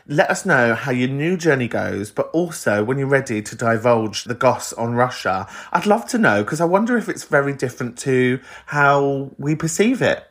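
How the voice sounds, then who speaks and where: Lively London podcast host. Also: male voice, medium pitch, husky. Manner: animated, chatty, laughs often. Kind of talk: answering voicemails on a podcast.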